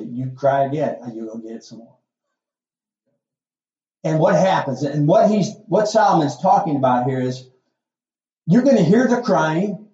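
Male pastor, middle-aged, folksy conversational sermon, rhetorical questions, dark tone, muffled recording. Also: fairly high pitch, roomy sound.

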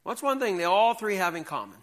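A man teaching a Bible lesson to young people, reading scripture slowly and quizzing the class. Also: high-pitched, big pitch swings, fairly bright tone.

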